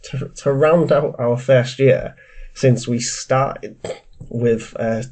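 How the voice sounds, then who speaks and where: A man with a blocked, congested voice hosts a casual film-review podcast. His tone is dark and mellow, and he talks hesitantly, restarting his sentences with plenty of fillers. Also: medium pitch, fairly even intonation, takes it slowly, poor audio. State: stuffy and congested from a cold. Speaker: podcast host.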